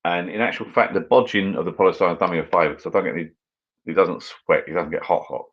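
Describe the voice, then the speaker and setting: A man's voice: low-pitched, steady tone, quick pace, dull audio. A British man hosting a casual live stream, chatting loosely and reading viewer comments aloud as he drinks. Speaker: channel host.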